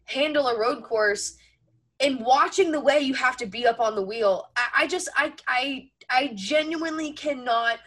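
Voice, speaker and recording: A woman's voice: high voice, moderate pace, a bit bright. A woman in her twenties co-hosting a racing talk show, chatty and self-mocking, with frequent restarts. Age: 20s. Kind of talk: casual sports chat.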